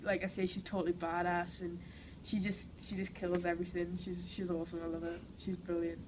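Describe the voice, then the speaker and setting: A woman's voice: fairly low pitch, monotone, a little fast, darkish tone, slight background noise, low-quality recording. A young woman with a Geordie accent, who has a cold, chatting enthusiastically as an actress in an interview, full of "like" and "you know". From Newcastle, England. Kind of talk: casual interview answers.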